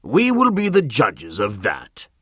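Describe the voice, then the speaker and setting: A man's voice: mid-range voice, wildly swooping pitch, slow, sharp tone, breathy edge, no echo, studio quality, exaggerated voice. A man voicing a stern, judgmental governor in an audiobook, speaking in a commanding tone.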